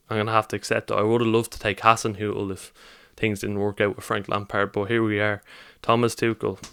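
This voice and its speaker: A man's voice: on the low side, a bit bright, clear, resonant tone, dry recording, clean studio sound. A man, running a football channel, reacting in an upset, rambling and heartfelt vlog. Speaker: football vlogger.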